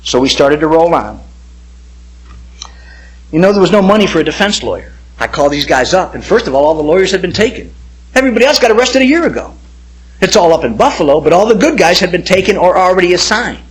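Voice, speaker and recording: A middle-aged pastor shares his personal testimony with real animation, acting out the voices of the people he quotes. His voice sits high and he talks fast.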